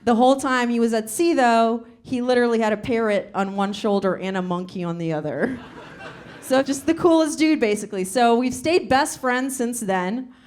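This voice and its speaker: A young woman from the Soviet Union performing stand-up comedy on a club stage, telling a story in a chatty way with deadpan punchlines. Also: a little high, normal speed.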